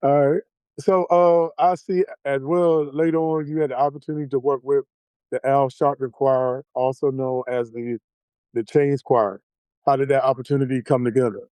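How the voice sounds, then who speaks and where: A male podcast host asks his guest loose, rambling questions packed with fillers. His voice is smooth and clear, recorded close and dry. It has the feel of a relaxed interview. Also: medium pitch, moderate pace, no echo.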